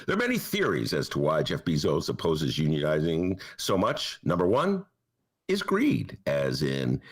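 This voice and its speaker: A man's voice: low-pitched, huge pitch swings, a little slow, slightly rough. A man hosting a comedic political talk show from his apartment, sarcastic and mocking. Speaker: host and newspaper columnist. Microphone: headphones and mic.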